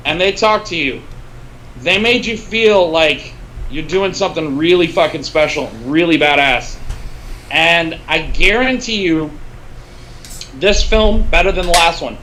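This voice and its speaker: A man's voice: a little high, a little hiss or hum, low-quality recording. A man casually telling a long profane anecdote on a podcast, slipping into other people's voices as he goes. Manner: animated, profane, mimics people in his story. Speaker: podcast guest. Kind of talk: casual storytelling.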